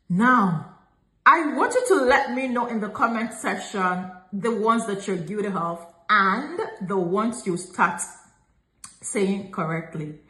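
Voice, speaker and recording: A woman teaching a beginner French lesson, slowing down to model each phrase. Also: medium pitch, lively intonation, sharp tone. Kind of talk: language lesson. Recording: echoey room.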